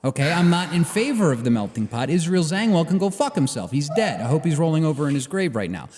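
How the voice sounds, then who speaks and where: A man's voice: on the high side, big pitch swings, fast, darkish tone, long reverb tail, slight background noise. A man co-hosting a political talk show, arguing emphatically and repeating his points. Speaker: podcast co-host. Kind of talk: casual political debate.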